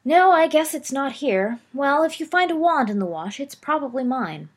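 A woman voicing a cocky, mischievous schoolboy who teases and boasts, pitched well above her own reading voice. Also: animated, moderate pace. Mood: breezy. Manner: boastful, teasing.

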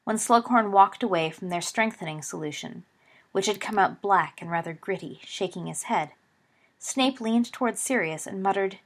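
A woman reading fan fiction aloud as an audiobook, in a steady storytelling manner. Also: medium pitch, moderate pace. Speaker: audiobook reader.

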